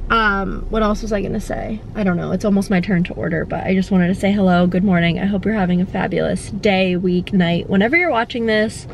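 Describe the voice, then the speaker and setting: A woman's voice: medium pitch, fast talker, creaky, few pauses, a little mellow, a little hiss or hum. A woman chatting casually to camera from her car in a drive-thru line, sounding a little stuffy. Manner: chatty, rambling. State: slightly stuffy. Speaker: vlogger. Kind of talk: casual vlog chat.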